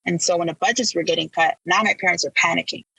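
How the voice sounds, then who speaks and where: A woman from Illinois recounts her path as a podcast guest, candid and emphatic in her storytelling. Her voice is bright and edged with gravelly fry, and the sound is dry and close. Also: on the low side, fast talker, dry recording, poor audio. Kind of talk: personal storytelling in an interview.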